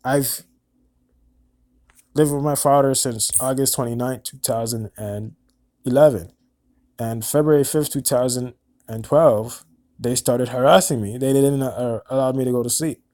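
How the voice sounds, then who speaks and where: Halting young man recounting events. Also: mid-range voice, darkish tone. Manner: halting, repeats words, earnest. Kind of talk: personal monologue recounting events.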